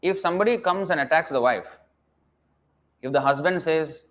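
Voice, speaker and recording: A man's voice: a little high, moderate pace, a bit bright. A man giving a scripture lecture as a preacher, emphatic and scolding, firing rhetorical questions and dropping to a mutter at phrase ends.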